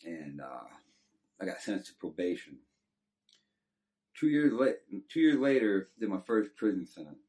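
A man's voice: low-pitched, very animated, unhurried, pauses often, darkish tone. A middle-aged man from Texas with a Texan accent, telling his life story in a laid-back, rambling way. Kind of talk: casual storytelling. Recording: distant from the mic.

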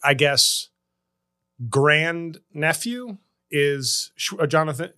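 A man with a high, bright voice hosts a comedy podcast in loose, casual chat. He riffs quickly and keeps breaking into loud, exaggerated character voices. The delivery is sharp and ringing. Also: animated. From Haitian background. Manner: fast riffing, slips into loud put-on character voices.

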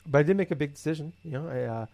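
A man's voice: on the high side, rapid-fire, creaky, no room sound. A man in casual conversation, telling rambling everyday stories with lots of swearing and filler words. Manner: rambling, profane, animated storytelling. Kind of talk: casual chat.

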